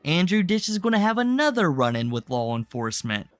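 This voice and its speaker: A man's voice: fairly high pitch, very animated, fairly quick, no room sound. A man narrating a commentary video in a sarcastic, storytelling way.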